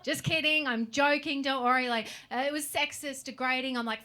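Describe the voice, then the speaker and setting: A woman's voice: high voice, fast talker, few pauses, pushed and bright. A young woman doing a stand-up set in a comedy club, brash and sweary, tossing "right?" into every bit. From Australia. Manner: brash, sweary punchlines with frequent "right?" asides. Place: comedy club stage with audience.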